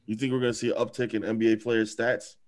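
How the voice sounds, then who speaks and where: A young man co-hosting a casual podcast, setting up topics slowly with a sarcastic, deliberate manner. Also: fairly low pitch, flat delivery. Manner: sarcastic, leads topics with slow deliberate setups. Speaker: podcast co-host. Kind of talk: casual chat.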